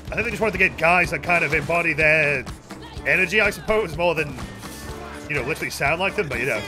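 A man streaming a game, chatting casually with viewers, excitable and swearing freely. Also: on the high side. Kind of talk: casual gameplay commentary. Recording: game music playing behind.

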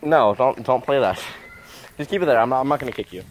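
A young man chats into a handheld camera outdoors in the countryside, excitable and jokey, with a lively voice that swings up and down. He swears freely and talks straight to his viewers. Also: mid-range voice, fast talker, a little hiss or hum. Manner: excitable, jokey and heavily profane. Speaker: vlogger. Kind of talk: casual vlog chat.

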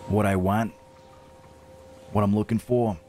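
A man voicing a brooding, hot-tempered mob boss in a game roleplay, cursing and moving from low, measured talk to shouting. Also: steady tone, slight background noise, natural voice. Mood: solemn, determined. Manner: swears heavily, swings from low and measured to shouting. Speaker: roleplay streamer. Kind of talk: gangster roleplay. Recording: game stream with music underneath.

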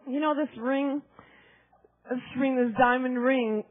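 A woman preacher in full charismatic fervor, her voice soaring very high as she cries out and laughs amid the message. Her delivery is unhurried, lingering on each phrase. The live recording is thin and tinny, like a phone line. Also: no room sound. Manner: shouting exclamations, laughing and crying while preaching. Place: large church meeting.

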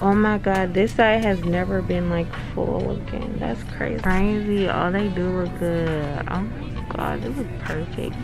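A woman's voice: on the low side, measured pace, few pauses, over music. A young woman in her twenties vlogging in casual, candid chat, swearing freely and calling her viewers y'all. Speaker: beauty vlogger.

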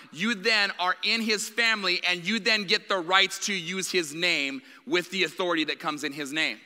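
A man's voice: high-pitched, normal speed, hardly any pauses, sharp tone. A man preaching a sermon in a candid, conversational way. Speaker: guest preacher. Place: church sanctuary. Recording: long reverb of a church hall.

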